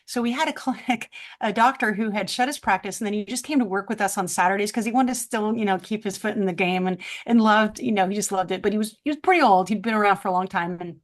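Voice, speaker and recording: Animated woman veterinarian telling stories. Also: medium pitch, quick pace. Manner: animated, acts out voices in stories. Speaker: veterinarian guest. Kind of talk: casual podcast storytelling.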